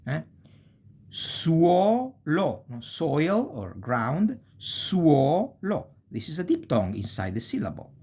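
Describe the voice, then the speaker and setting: Slow, husky male teacher. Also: medium pitch. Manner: slow and deliberate, frequent checking tags like "eh?". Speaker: Italian teacher. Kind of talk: language lesson.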